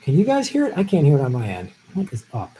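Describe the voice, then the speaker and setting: A man's voice: on the high side, wildly swooping pitch, rapid-fire, mellow, a little hiss or hum, rough recording. A man hosting a casual live stream at home, chatting easygoing with viewers and laughing often, his voice tiring after a long session. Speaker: live stream host answering viewer questions.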